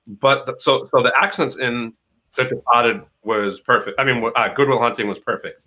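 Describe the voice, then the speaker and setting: A man's voice: medium pitch, normal speed, pushed and bright, rough recording. A man with a Boston accent, co-hosting a casual livestream and talking in a blunt, profane, emphatic way.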